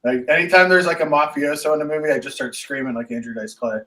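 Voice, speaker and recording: Man, Pittsburgh accent, casual, rambling, self-deprecating, slightly high voice. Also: fast talker, sharp tone. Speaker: podcast co-host. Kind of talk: casual chat.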